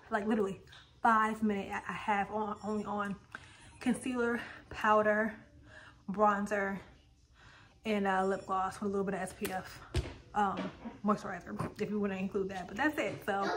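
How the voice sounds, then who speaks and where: A woman's voice: medium pitch, little pitch movement, normal speed, a bit bright, a little hiss or hum, rough recording. A woman in her thirties chatting casually to her viewers in a rambling vlog. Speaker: lifestyle vlogger.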